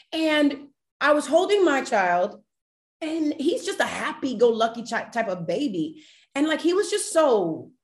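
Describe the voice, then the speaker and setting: A woman, a podcast guest, telling a personal family story with feeling and acting out the dialogue. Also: mid-range voice. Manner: emotional, animated retelling with quoted dialogue.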